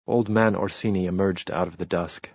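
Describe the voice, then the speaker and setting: Husky low-voiced male narrator. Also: steady tone, moderate pace, a little mellow, dry recording, highs cut off. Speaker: audiobook narrator. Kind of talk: scripted narration.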